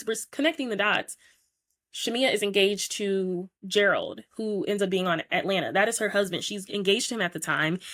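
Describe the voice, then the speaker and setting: A woman hosting a podcast, retelling reality-show drama in a chatty, opinionated way. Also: mid-range voice. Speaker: podcast host. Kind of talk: casual recap commentary.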